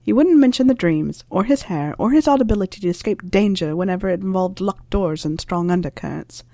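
A woman narrating a story in a calm, even reading voice. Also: medium pitch, brisk, dry recording, studio quality.

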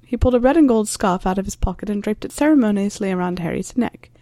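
A woman reading a fan fiction story aloud as narrator, in an even storytelling manner. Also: medium pitch, quick pace, no echo, studio quality. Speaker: reader.

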